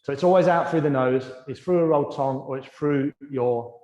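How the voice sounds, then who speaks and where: A man teaching a yoga class, giving gentle, encouraging breathing and movement cues that soften and slow during the breathing practice. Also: fairly high pitch, reverberant, big-room sound, lo-fi sound. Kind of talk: guided yoga class instruction. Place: yoga studio.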